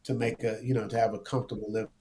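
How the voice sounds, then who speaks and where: A man talking as a guest in a casual interview, animated and slangy, often repeating words as he goes. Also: lowish voice, rapid-fire. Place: lives abroad, remote interview.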